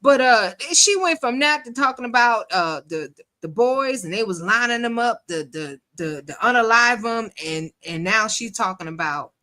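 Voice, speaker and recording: A woman's voice: fairly high pitch, animated, moderate pace, hardly any pauses, bright, forceful tone. A woman hosting a livestream, giving sassy, colloquial commentary on a phone call and laughing often as she mocks it. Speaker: livestream host.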